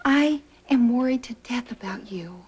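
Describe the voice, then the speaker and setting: A warm, worried Southern woman, high-pitched, old TV tape. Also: expressive, measured pace, husky, exaggerated voice. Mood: insistent. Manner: warm, insistent. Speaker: best friend in a soap opera. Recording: old TV tape with faint hiss.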